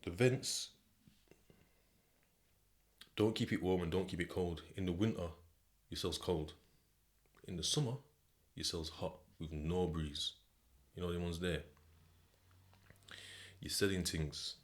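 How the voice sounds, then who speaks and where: A man's voice: low-pitched, steady tone, takes it slowly, pauses often. A British man hosting a podcast, telling a story in the second person in a casual, slang-heavy way. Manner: slang-heavy, conversational, repeats "do you know what I mean". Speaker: podcast host.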